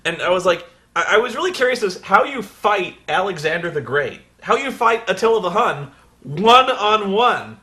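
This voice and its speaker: High bright-voiced guy rambling and swearing, laughing a lot in a casual chat. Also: sing-song, normal speed. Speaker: co-host.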